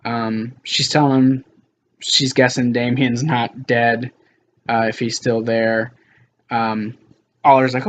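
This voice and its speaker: A man's voice: mid-range voice, level tone, slow pace. Man, casual show recap, filler-heavy retelling, slightly dull sound, faint hiss. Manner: loose retelling with many fillers and quoted asides. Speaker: co-host recapping a TV episode.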